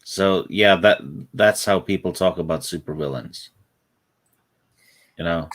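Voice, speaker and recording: A man's voice: low-pitched, unhurried. A man co-hosting a casual chat show, making dry, wry remarks. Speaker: podcast co-host.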